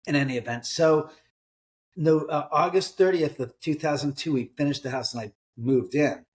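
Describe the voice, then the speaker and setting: A man's voice: on the high side, moderate pace. A middle-aged man, an author, telling ghost stories in a casual interview, acting out quoted voices and swearing now and then. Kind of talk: conversational storytelling in an interview.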